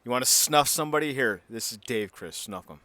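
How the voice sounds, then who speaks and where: A man co-hosting a casual wrestling podcast, ranting heatedly and swearing freely, with quick bursts of comic impressions. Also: medium pitch, animated, sharp tone. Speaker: podcast co-host.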